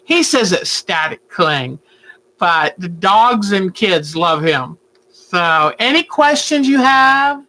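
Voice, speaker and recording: A woman, hosting a casual home livestream and chatting warmly with viewers about her day. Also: fairly low pitch, lively intonation, slow, rough recording. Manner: chatty, talks baby talk to her pet bird. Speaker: quilting channel host. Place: at home, indoors.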